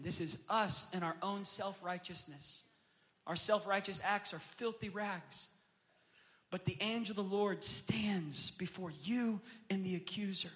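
Pastor, male, 30s, high voice, impassioned sermon delivery with long church-hall reverb. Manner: preaching that swells to loud, impassioned peaks; acts out quoted voices of his kids in storytelling. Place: church sanctuary with a congregation.

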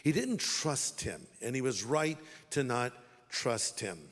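A man's voice: mid-range voice, animated, takes it slowly, fairly bright tone, in a large hall. A man preaching a sermon as a pastor, talking in a wry, direct, conversational way.

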